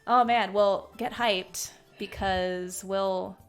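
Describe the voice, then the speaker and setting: A woman's voice: mid-range voice, normal speed, faint music behind. Bubbly woman with a light Southern American lilt. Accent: light general Southern American. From Southern United States. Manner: bubbly, excitable, laughs often. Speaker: game master and stream host. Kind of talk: casual stream chat.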